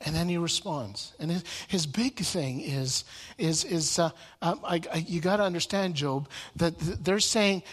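A man's voice: on the high side, animated, measured pace, fairly bright tone. A man teaching from the Bible in sermon style. He often repeats words and restarts his sentences. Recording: long reverb in a large room.

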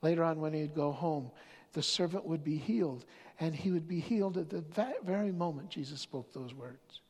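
A pastor preaching a sermon, telling stories with many restarts, moving between loud stretches and near-whispers. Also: mid-range voice, moderate pace, breathy edge. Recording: long hall reverb.

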